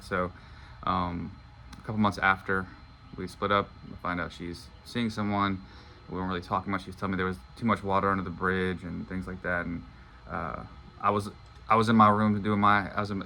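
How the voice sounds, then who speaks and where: A man's voice: on the low side, sharp tone, a little hiss or hum. A young man telling a personal story to his viewers in a casual, rambling way, filling his talk with "like". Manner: casual, rambling, heavy use of "like". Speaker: manifestation coach.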